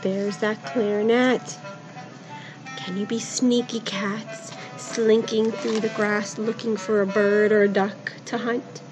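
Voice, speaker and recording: A woman narrating a story for children in a playful, animated way, coaxing her young listeners to join in. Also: medium pitch, slow pace, music in the background, low-quality recording.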